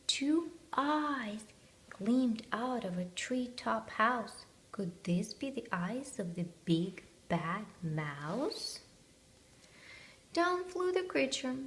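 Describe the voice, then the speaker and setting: Very slow, expressive woman reading a picture book aloud. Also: a little high. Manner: very slow, expressive rhyming storytelling. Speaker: storyteller.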